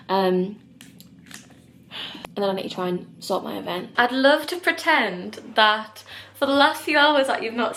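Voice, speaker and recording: Chatty young woman vlogging on the go. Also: on the high side. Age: 20s. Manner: chatty, animated storytelling with laughs. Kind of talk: casual vlog chat. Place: out and about, shops and street.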